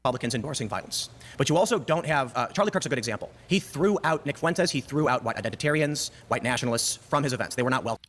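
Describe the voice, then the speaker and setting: A man making measured, hedging arguments in a debate clip being played back. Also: medium pitch, expressive, fairly bright tone. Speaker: debate guest.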